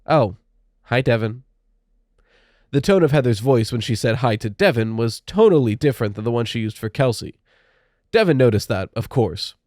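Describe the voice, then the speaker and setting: Reading a creepy young-adult audiobook, this male narrator keeps a calm, even delivery at a typical mid-range pitch. There's no echo and no sense of a room; the sound is close and dry.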